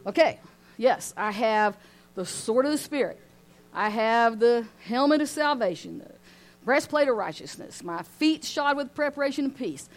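A woman teaching an informal Bible study in a lively way, often laughing and asking her listeners questions. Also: a little high, moderate pace. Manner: animated, asks the group questions, laughs often.

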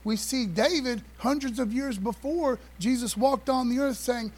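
Male pastor, high voice, easygoing preacher who talks to his congregation and asks for amens. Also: fairly quick, darkish tone, slight background noise. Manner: folksy, call-and-response preaching with repeated phrases. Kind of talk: sermon. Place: church sanctuary.

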